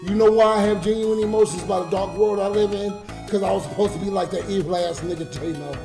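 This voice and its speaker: A man's voice: high-pitched, steady tone, fast talker, vocal fry. Drunk crying guy ranting on a livestream, cussing a lot, echoey room, music going. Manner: ranting, swearing, talking straight to the chat. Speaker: livestreamer and YouTube comedian. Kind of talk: emotional late-night livestream rant.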